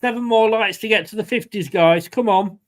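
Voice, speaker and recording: A fairly high-voiced English man hosts a live football watchalong for fans. He calls the play-by-play in a casual, chatty way and breaks off to greet viewers by name. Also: moderate pace. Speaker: fan channel host.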